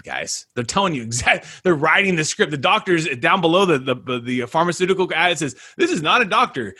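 A man hosting a casual podcast, energetic and slangy, calling listeners dude and guys. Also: a little high. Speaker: podcast host.

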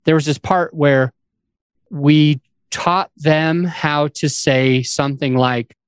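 Male podcast host, explanatory casual chat, a touch high-pitched, dry studio sound. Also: steady tone, takes it slowly, smooth, no echo.

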